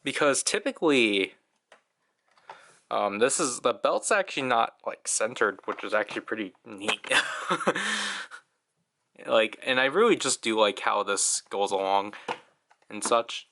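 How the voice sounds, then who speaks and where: Bright-voiced young man reviewing toys. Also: on the low side, animated, measured pace, vocal fry, pauses often. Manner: chatty, frequent fillers and small laughs. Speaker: toy reviewer. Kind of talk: casual toy review.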